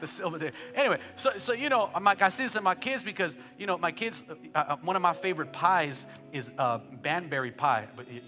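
A man in his thirties preaching a sermon as pastor, telling joking family stories and building to shouted calls for praise. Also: sits high, animated, fairly quick, few pauses, big-room sound, faint music behind. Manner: joking asides, conversational storytelling.

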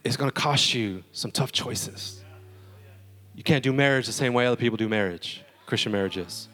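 A man preaching a sermon as pastor, animated and conversational, with humorous storytelling. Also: medium pitch.

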